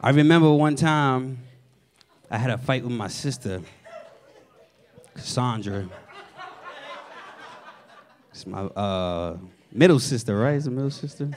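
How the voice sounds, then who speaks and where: A man with a New York accent doing a stand-up set, telling family stories in a lively way and acting out the people in them with loud punchlines. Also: mid-range voice, unhurried, long pauses. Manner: animated storytelling, loud punchlines, acts out family members. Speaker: stand-up comedian. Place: comedy stage before a live audience. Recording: audience laughter behind.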